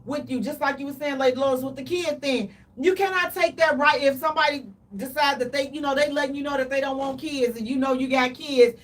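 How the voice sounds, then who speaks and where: A woman co-hosting a casual radio talk show, animated and dramatic, with playful exaggeration. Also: high voice, fairly quick, hardly any pauses, recorded from a distance.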